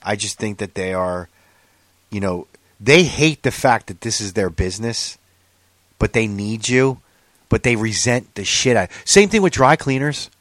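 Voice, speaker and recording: A man hosting a casual podcast chat, ranting with heavy swearing and animated complaints. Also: on the low side, unhurried, no room sound.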